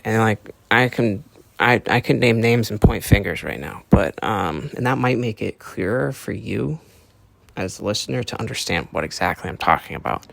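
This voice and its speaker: A man's voice: on the low side, normal speed, creaky, a bit bright, no room sound. A young man hosting his own podcast, talking in a casual, profane, rambling monologue with earnest lecturing. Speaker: podcast host.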